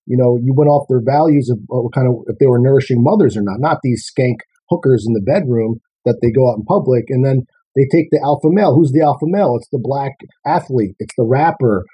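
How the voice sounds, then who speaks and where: A man hosting a casual talk show, ranting and listing his points in a steady flow. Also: medium pitch, fairly quick, slightly rough, poor audio.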